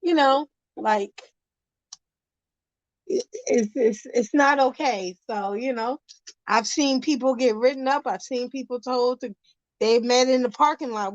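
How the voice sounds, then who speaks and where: A woman's voice: fairly high pitch, measured pace, dry recording, lo-fi sound. A woman on a video call, chatting casually in a panel with a hesitant manner, lots of fillers and laughs between her points. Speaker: panel guest. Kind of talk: casual chat.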